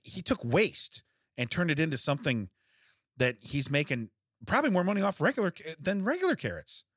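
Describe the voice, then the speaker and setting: A man's voice: fairly high pitch, very animated, a little fast, fairly bright tone, no echo, clean studio sound. A man co-hosting a podcast in casual comedic banter, laughing often and reading out trivia facts. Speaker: podcast co-host.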